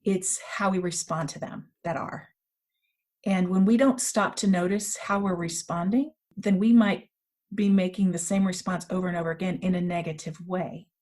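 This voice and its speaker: A woman's voice: lowish voice, fairly even intonation, moderate pace, a little mellow. A middle-aged woman, an author and coach, talking earnestly in a casual interview and telling stories about her life. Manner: earnest, reflective, storytelling. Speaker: author and women's coach, guest. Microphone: remote call.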